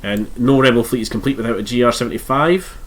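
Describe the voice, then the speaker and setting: A man's voice: mid-range voice, fast. A man streaming a strategy game live, thinking aloud through his moves in a congested, nasal voice. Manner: thinks aloud while playing, musing and self-correcting.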